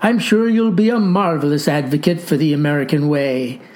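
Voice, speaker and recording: Woman reading as a gentle, regretful director. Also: deep voice, normal speed, natural voice. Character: adult male orphanage director, gentle and sorry.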